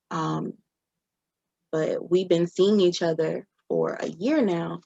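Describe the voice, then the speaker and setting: A woman's voice: on the low side, unhurried, gravelly, a little mellow, no echo, highs cut off. A young adult woman recounting her own experiences in an interview, often voicing what others said. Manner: recounting events with quoted dialogue. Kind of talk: personal testimony.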